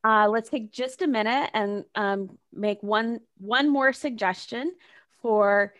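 A woman hosting a casual conversation, animated and chatty, laughing easily and leaning on "like" as a filler. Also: fairly high pitch, slow pace. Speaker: podcast host.

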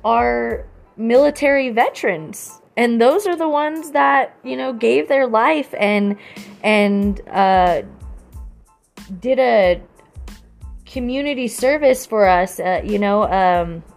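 A woman's voice: fairly high pitch, slow, gravelly, soft background music. A young adult woman in a casual, rambling monologue, earnest and heavy on "you know" fillers.

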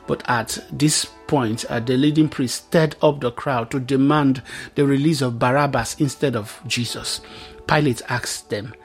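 A man's voice: mid-range voice, fairly even intonation, measured pace. A man preaching over faint music. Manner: reads scripture aloud, then explains it with emphatic repetition. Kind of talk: Bible teaching sermon.

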